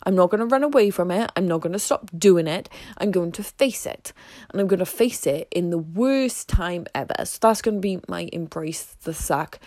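A woman's voice: fairly low pitch, expressive, normal speed, warm tone, dry recording. A woman vlogging in a casual, fired-up monologue about a fitness challenge, swearing heavily and speaking with intense emphasis.

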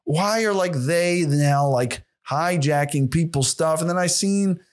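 Young guy doing a solo podcast, kinda high voice, rambly and sweary. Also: measured pace. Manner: rambling, profane, sarcastic. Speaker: podcast host.

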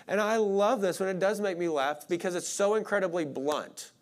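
Pastor with a brightish voice. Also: male voice, high voice, normal speed. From Arkansas. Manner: casual, blunt, frequent "like" fillers. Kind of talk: conversational sermon.

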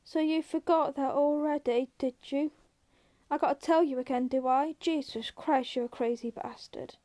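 A woman's voice: high-pitched, steady tone, normal speed, natural voice. A woman reading as an irritable, scolding small man. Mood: exasperated. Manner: sharp, scolding, cursing. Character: small wiry irritable man, quick and bossy.

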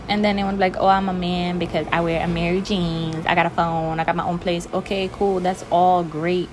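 A woman's voice: on the low side, a little hiss or hum. A young woman ranting bluntly and emphatically to the camera in a casual vlog. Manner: blunt, emphatic, talks straight to the listener. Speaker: vlogger.

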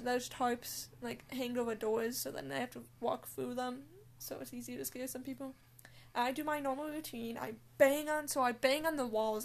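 A woman's voice: sits high, vocal fry. A young woman telling a story in casual chat, blunt and full of swearing and fillers. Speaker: scare actor.

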